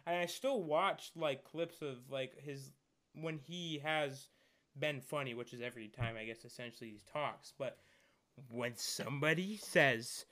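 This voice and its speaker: A man's voice: medium pitch, unhurried, a bit bright. A young man hosting a casual podcast, ranting animatedly and mocking himself. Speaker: podcast host. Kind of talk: casual chat.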